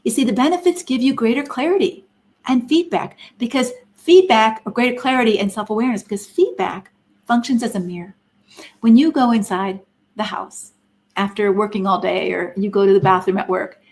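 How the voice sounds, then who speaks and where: A middle-aged woman speaks earnestly on a live stream, pressing her points with repeated rhetorical questions. Her voice sits at an ordinary middle pitch for a woman, and her delivery is that of a seasoned counselor teaching an audience. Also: normal speed, a little mellow.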